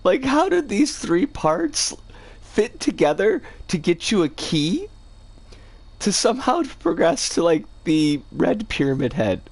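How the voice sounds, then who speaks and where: A streamer chats casually to their livestream, drifting from one thought to the next and dropping bits of playful slang. The voice sounds rough and scratchy today. The delivery is unhurried, but the pitch swings up and down a lot. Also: big pitch swings, darkish tone. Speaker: game streamer.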